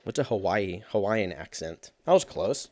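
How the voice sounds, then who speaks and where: His voice sits on the low side, animated and a little mellow, moving at normal speed. The speaker, a man in his thirties, rambles in a casual monologue, peppering it with swearing and jokes at his own expense.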